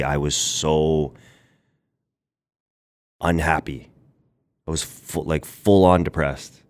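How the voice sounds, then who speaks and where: A man, a podcast guest, candidly telling a personal story in a rambling way, full of fillers. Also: a bass voice.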